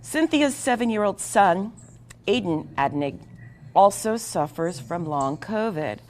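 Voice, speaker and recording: A woman's voice: medium pitch, animated, unhurried, a little mellow, a little hiss or hum. A woman hosting a talk show, reading a guest introduction in an earnest, emphatic way with small stumbles over words.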